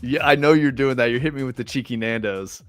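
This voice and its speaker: A man's voice: mid-range voice, quick pace, smooth. A young American man telling rambling, profane stories on a livestream, with lots of likes and fillers. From United States. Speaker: streamer. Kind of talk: casual storytelling on a livestream. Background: faint music.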